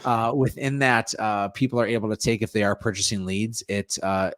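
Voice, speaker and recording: Guest: upbeat real estate coach, man, fairly low voice, dry recording. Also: moderate pace, dry recording. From North Dakota. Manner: energetic, salesy, plugs his offers. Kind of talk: casual interview answers.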